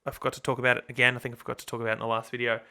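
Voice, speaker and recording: Bright chatty Australian man, rambling. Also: mid-range voice, flat delivery, very fast, creaky, clear, resonant tone. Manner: rambling, chatty, swears casually. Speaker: guitarist and channel host. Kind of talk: casual gear demo vlog.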